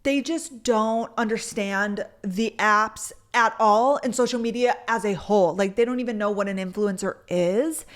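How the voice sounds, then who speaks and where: Talking at normal speed with few pauses, this woman has a mid-range voice. She's a chatty content creator speaking casually to camera, spinning stories full of "like"s and quoted voices, recorded on the camera mic.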